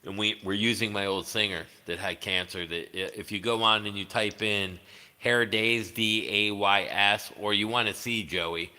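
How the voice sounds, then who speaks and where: A man's voice: on the low side, steady tone, normal speed, sharp tone, long reverb tail. A man chatting casually on a livestream, rambling and swearing, with many fillers. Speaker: livestreaming guitarist.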